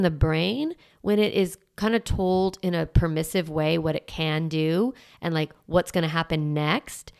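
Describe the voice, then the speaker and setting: A middle-aged woman hosting a parenting podcast, teaching in a chatty way full of "like" and quick restarts. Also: lowish voice, gravelly. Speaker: parenting coach and podcast host. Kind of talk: casual solo podcast teaching.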